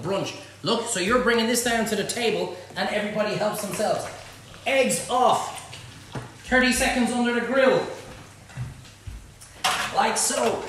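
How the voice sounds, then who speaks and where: A high-voiced Irish man leads a live cooking demonstration from his own kitchen, cracking jokes and chatting back to viewers' comments. The room is very echoey, with a faint hum of background noise behind him. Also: a bit bright. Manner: jokey banter, reading out viewer comments. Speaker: chef hosting a live cook-along. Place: home kitchen.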